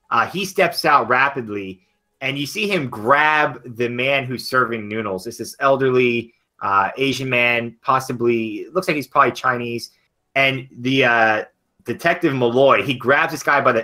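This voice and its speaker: A man's voice: mid-range voice, sharp tone. A man narrating as game master in a loose, casual way with many fillers.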